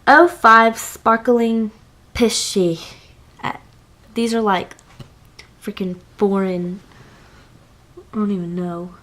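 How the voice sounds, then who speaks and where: A young woman vlogger talking casually through her makeup routine, chatty and gushing, with lots of fillers. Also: medium pitch. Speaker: beauty vlogger. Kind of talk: casual makeup tutorial chat.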